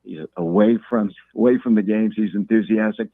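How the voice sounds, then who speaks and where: A man calling in as a guest, talking football in a measured way and repeating words as he thinks. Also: on the low side, fairly even intonation, no echo. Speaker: guest talking local high school football. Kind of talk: phone-in interview. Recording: tinny phone line.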